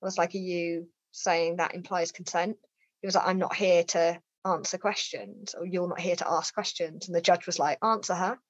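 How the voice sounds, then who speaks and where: A woman speaks as a podcast guest, telling her story with lively quoted dialogue. Her voice sits on the low side. The sound is dry and a little muffled. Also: moderate pace, no echo. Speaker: interview guest. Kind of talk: personal storytelling in a podcast interview. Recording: slightly dull, dry lo-fi sound.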